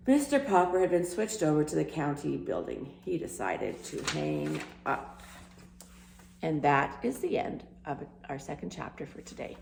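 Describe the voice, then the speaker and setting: A woman's voice: low-pitched, expressive, moderate pace, creaky, darkish tone. A woman reading a children's book aloud, giving each character a voice, in an echoey room with a faint hum. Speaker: storyteller.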